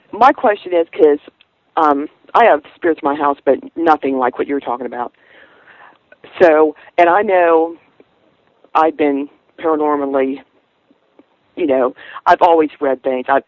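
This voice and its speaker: A man hosts a call-in radio show in a slightly higher voice and asks questions in a halting way. His voice sounds dry and close, with a narrow, phone-like band. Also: dry recording.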